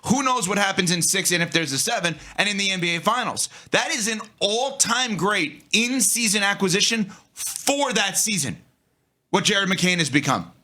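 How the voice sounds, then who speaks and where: A man co-hosting a sports talk show, arguing his take in an animated way and speaking straight to the audience. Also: high-pitched, moderate pace. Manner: animated, talks to the audience directly.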